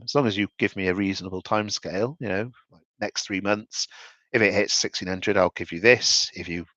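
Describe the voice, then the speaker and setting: A man's voice: fairly low pitch, fairly bright tone, dry recording, muffled recording. A man giving casual commentary on investments over charts, rambling and thinking aloud with frequent restarts.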